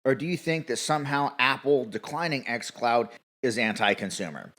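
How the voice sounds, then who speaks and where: A man's voice: mid-range voice, lively intonation, normal speed, fairly bright tone. Heated, cursing gaming vlogger man. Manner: heated, sarcastic, profane. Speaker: gaming commentator. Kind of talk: opinion rant to camera.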